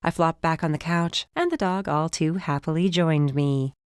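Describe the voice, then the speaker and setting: A woman giving first-person audiobook narration, lively and rising in pitch when the dialogue turns heated. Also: moderate pace, clean tone, dry recording, studio quality.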